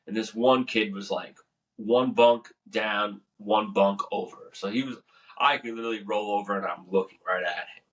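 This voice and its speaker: A man's voice: fairly low pitch, steady tone, normal speed, fairly bright tone. A young man, a Navy veteran, telling boot camp stories in a casual, profane, laughing way. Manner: laid-back, profane, laughs often. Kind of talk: casual storytelling. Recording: voice a bit far from the mic.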